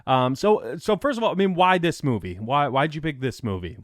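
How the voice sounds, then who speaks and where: A man's voice: fairly high pitch, animated, a little fast, no room sound, studio quality. A man hosting an interview podcast, asking questions with many fillers and frequent laughs. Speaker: podcast host. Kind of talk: casual interview chat.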